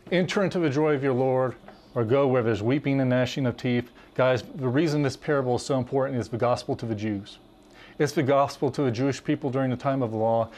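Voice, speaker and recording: A man's voice: mid-range voice, darkish tone. A man co-hosting a Bible teaching show, explaining scripture in an earnest, emphatic way. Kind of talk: teaching conversation, preaching.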